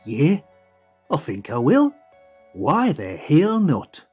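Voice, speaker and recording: Narrator doing a baffled cockney-australian psychic bloke, drawling and confused. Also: male voice, fairly high pitch, wildly swooping pitch, slow, a little mellow, slightly rough, faint music behind, pitched above the performer's own voice, exaggerated voice. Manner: bewildered, swearing in surprise.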